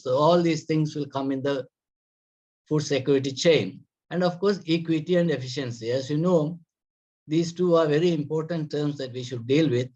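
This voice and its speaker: Man, Sri Lankan English accent, fairly high voice, measured lecture pace, dull lo-fi sound. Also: darkish tone. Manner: measured, methodical, lists points one by one. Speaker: agricultural extension expert. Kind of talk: explanatory lecture. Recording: dull lo-fi recording.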